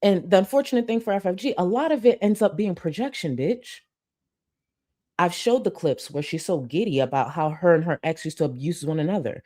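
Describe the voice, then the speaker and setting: Chatty woman streamer, mellow voice. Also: fairly low pitch, lively intonation, fairly quick. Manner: chatty, reads supporter messages aloud. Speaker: livestream host. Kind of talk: casual commentary livestream.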